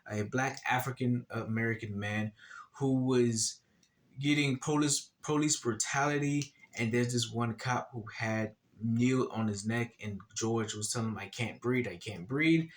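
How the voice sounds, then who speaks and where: A man giving casual gaming commentary, talking in a slow and deliberate way and often repeating words. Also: medium pitch.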